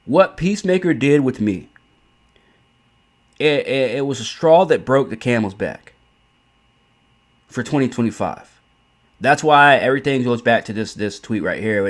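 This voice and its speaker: Blunt, profane man ranting. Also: mid-range voice. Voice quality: blunt, profane, repeats himself. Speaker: commentary host. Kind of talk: opinionated ranting commentary.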